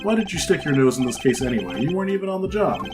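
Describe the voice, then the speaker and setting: A man's voice: a little high, big pitch swings, very fast. A man voicing a brash, cocky young male prosecutor who talks bluntly and dismissively. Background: game music.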